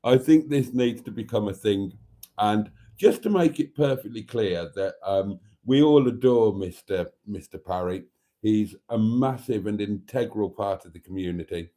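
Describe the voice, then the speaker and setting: A man's voice: on the low side, moderate pace, dark tone. A Welsh man hosting a casual livestream in a theatrical, camp, chatty manner, reading out viewers' comments. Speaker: livestream host. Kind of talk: casual live chat.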